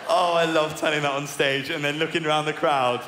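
A man in his twenties with a posh southern English accent, doing a self-mocking stand-up routine with sudden high squeaky outbursts. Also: fairly even intonation, normal speed. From England. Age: 20s. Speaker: stand-up comedian. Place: large arena on stage. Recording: live arena recording with long reverb and crowd noise.

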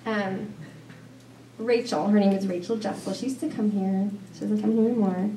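A woman's voice: medium pitch, fairly even intonation, normal speed, mellow, slight background noise. A middle-aged woman leading a women's Bible study, talking in a chatty, rambling way with fillers and restarts. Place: church meeting room. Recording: echoey room from far off.

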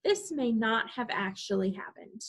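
A woman leading a library storytime, reading a picture book aloud to preschoolers in an animated way and talking to the children directly. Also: fairly high pitch, moderate pace.

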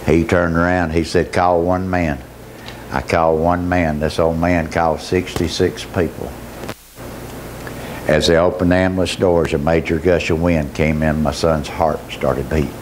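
A middle-aged man preaching his testimony as a pastor, telling his story with emotion that climbs into shouting. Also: low voice, little pitch movement, a little slow, a little hiss or hum. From Georgia, US. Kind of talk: testimony sermon.

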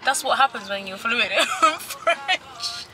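A woman's voice: fairly high pitch, lively intonation, slow pace, music in the background. A young woman chatting playfully with a friend, teasing and breaking into laughter often. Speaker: friend on the trip. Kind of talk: casual chat among friends.

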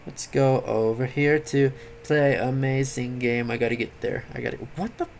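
A tired young man giving late-night game commentary, rambling, swearing and yelling at the game. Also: medium pitch, moderate pace, vocal fry, a little hiss or hum. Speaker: gaming commentator.

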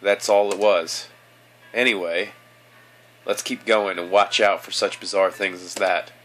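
A man reading aloud the lines of a polite, protective young man in a game, in a gentle, reassuring tone. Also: low voice, fairly even intonation, a little slow. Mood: calm.

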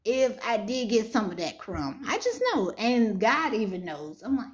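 A woman's voice: fairly high pitch, lively intonation, measured pace, hardly any pauses. A young woman, casually chatting with her viewers in a home vlog, full of fillers and restarts. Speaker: Christian romance author vlogging. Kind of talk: casual chat. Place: bedroom at home.

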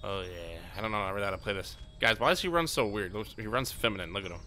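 Excitable man narrating his gameplay. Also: fairly low pitch, fast. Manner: excitable, jokey, talks to viewers, puts on silly voices. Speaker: gaming YouTuber. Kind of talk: casual gameplay commentary.

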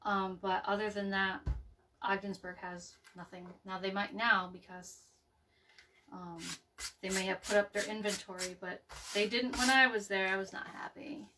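A woman's voice: medium pitch, fairly even intonation, normal speed, sharp tone, far from the mic, a little hiss or hum. A woman hosting a casual craft video, rambling and chatty with many ums and restarts as she works. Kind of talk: casual live craft chat. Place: home craft table, indoors.

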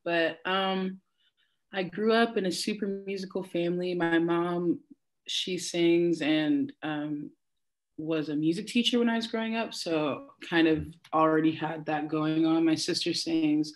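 A woman's voice: fairly low pitch, fairly even intonation, unhurried. Chatty young woman guest on a video call. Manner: laughing, chatty, storytelling. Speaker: guest, singer and worship leader. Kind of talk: casual interview chat.

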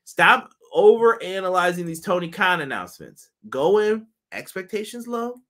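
A man with a slightly raised voice chats casually about wrestling as a show host. His pitch swings up and down a lot, and he jokes loosely in slang. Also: normal speed. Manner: animated, joking, slangy. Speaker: podcast host. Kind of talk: casual wrestling review chat.

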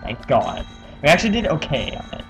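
A man bantering through a co-op game, laughing easily and pushing back when his partner criticizes him. His voice sits at a middle pitch but moves around in lively swings. Game music plays faintly behind him. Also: a little fast, poor audio. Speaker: co-op gameplay commentator. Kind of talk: casual gameplay chat.

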